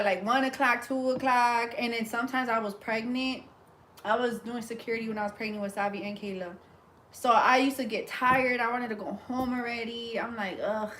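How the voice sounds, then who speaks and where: A woman braider chatting casually while she does hair, telling animated stories and laughing often. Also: fairly high pitch, a little hiss or hum. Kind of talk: casual chat while doing hair on a livestream.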